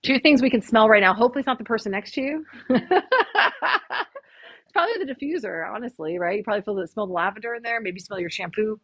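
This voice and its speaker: A woman chiropractor with a medium-pitched voice talks fast while leading a live stress workshop in a small room with an audience. The recording has no echo and the highs are cut off; she's chatty and upbeat, counting the group through their breathing.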